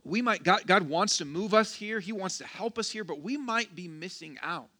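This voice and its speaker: A man's voice: sits high, normal speed, sharp tone. A man preaching a sermon as pastor, casual and joking, with self-deprecating asides and frequent restarts. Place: church.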